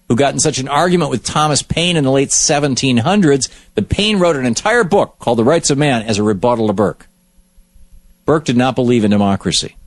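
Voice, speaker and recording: A man gives political commentary as a talk show host, telling stories with emphasis. His mid-pitched voice is recorded close and dry, with no room sound. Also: dry recording. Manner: emphatic, storytelling delivery.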